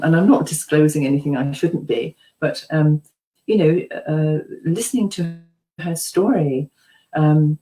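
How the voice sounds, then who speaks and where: A woman's voice: low-pitched, rough recording. A middle-aged British woman, a psychotherapist, telling chatty anecdotes with ums and laughs as an interview guest. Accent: British English. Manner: chatty, warm storytelling with frequent ums and laughs; acts out quoted voices.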